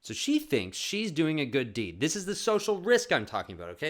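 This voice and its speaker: A man's voice: mid-range voice, big pitch swings, normal speed, fairly bright tone. A man hosting his own podcast, telling a funny family story in a rambling casual way, swearing and saying "like" a lot. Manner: rambling, swears, says "like" often. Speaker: podcast host.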